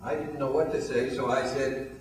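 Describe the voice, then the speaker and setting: A man's voice: medium pitch, flat delivery, moderate pace, distant mic. Older man telling a story in an echoey room. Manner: anecdotal, acts out quoted dialogue. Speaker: guest, weight loss program founder. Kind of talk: storytelling interview.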